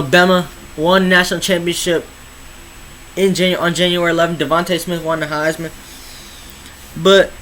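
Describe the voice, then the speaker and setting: Rambling teenage boy, slangy and slow-drawled. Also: fairly high pitch, fairly bright tone, slight background noise, poor audio. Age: teens. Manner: rambling, slangy, repeats words, drawls some phrases slowly. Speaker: YouTuber. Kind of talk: casual vlog monologue.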